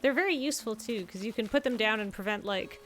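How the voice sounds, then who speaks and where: A woman's voice: fairly high pitch, fast talker, fairly bright tone, soft background music. A woman hosting a stream, chatting casually and enthusiastically, often gasping in delight. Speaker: stream host. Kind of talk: casual chat.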